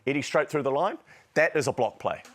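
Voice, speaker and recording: A man with a New Zealand accent hosting a rugby league show live in front of a crowd, energetic and jokey. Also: medium pitch, a little fast, very noisy. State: out of breath. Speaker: host. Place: live venue with audience.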